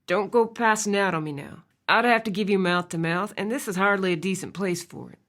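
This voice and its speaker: A woman narrator voicing a calm male rancher with a low, raspy voice, coaxing and soothing in an audiobook. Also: a little fast, lightly acted. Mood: steady, instructive.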